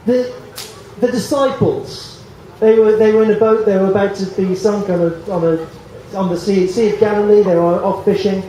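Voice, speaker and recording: Outdoors in a public square, a male street preacher gives an evangelistic talk in a high-pitched, slightly slow voice. He is animated and jokey, acting out biblical voices, and the recording sounds echoey and far off.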